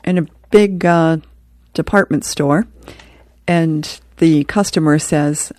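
A woman host reading out comic strips and history notes in a relaxed way. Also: low-pitched, slow pace, no echo, clean studio sound. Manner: relaxed, chuckles at the jokes.

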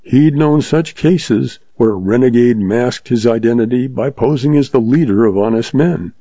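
A man narrating a western novel as an audiobook in a steady, measured read, with a dull, dry, lo-fi sound. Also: medium pitch, no echo.

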